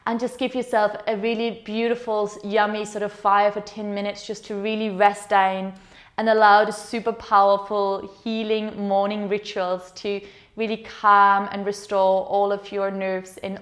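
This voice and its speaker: A woman yoga teacher leading a guided meditation with slow, soothing, gentle instructions. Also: mid-range voice.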